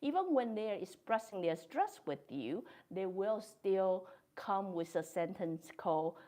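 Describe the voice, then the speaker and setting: A woman hosting her own podcast, talking through a reflective monologue in a gentle, thoughtful way, speaking English with non-native grammar. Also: mid-range voice, expressive, unhurried. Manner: gentle, thoughtful, with soft laughs. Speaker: podcast host.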